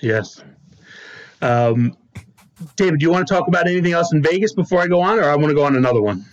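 A man hosting a podcast, telling stories in a lively, laughing way and acting out what people said. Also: fairly high pitch, quick pace, dull audio, faint music behind. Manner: animated, laughing storyteller who acts out quotes. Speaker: podcast host. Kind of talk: casual storytelling chat.

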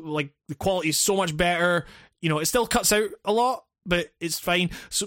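A man's voice: sits high, a bit bright, no echo, studio quality. A man co-hosting and editing a podcast over a call, talking in a rambling, swear-filled, laughing way. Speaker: podcast co-host and editor. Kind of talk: casual podcast chat. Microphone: remote call.

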